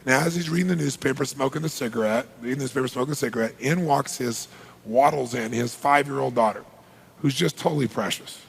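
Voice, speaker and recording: Gravelly, husky guy on stage, fired-up motivational storytelling, acts out the dialogue, long echo off a big hall. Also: medium pitch, fast. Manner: energetic, acts out dialogue, asks the audience questions. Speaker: motivational speaker. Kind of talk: live seminar storytelling. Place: large seminar hall.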